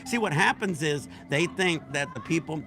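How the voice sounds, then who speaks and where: Man, livestream host, gravelly, slightly high voice, rambling profane chat. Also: lively intonation, moderate pace, over music. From United States. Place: outdoor resort bar.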